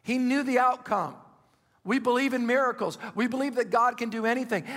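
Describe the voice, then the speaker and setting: A man in his fifties preaching a sermon with impassioned urgency, dropping at times to hushed, intimate asides. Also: very high-pitched, fairly quick, long reverb tail. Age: 50s. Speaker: pastor.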